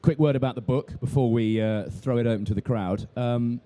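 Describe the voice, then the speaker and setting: Man, stage interviewer, dry and easygoing, hesitant fillers, very dark voice. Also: mid-range voice, brisk.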